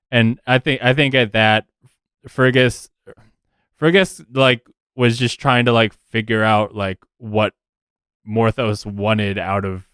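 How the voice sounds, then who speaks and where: A man who hosts the show, narrating his character's actions in a halting manner with many fillers. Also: on the low side, steady tone, fairly bright tone, smooth, no echo, studio quality. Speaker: player and podcast host.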